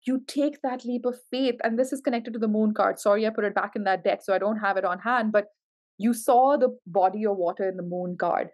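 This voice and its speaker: A woman's voice: mid-range voice, fairly even intonation, fairly quick, darkish tone. Gushing woman tarot reader. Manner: gushing, emotional, exclamatory. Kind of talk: tarot reading to camera.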